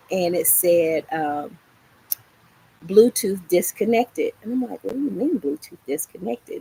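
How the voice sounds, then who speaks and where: A middle-aged woman hosting a gardening livestream, telling a story in a casual, animated way and acting out the lines she quotes. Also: breathy edge, low-quality recording. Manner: animated, acts out quoted lines with rising pitch. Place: small home patio garden, outdoors.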